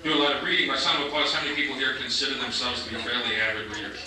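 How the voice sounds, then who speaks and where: A man doing a stand-up comedy set on a club stage, telling stories in a deadpan way and slipping into mock voices for other people. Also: mid-range voice, very fast. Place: comedy club stage before a live audience. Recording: echoey 1990s club recording from a distance, noisy. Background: audience laughter.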